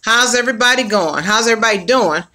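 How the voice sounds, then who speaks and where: A woman's voice: fairly high pitch, expressive, fast talker, sharp tone. A woman hosting her own livestream in a casual, upbeat way, greeting viewers by name and using slang. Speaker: livestream host.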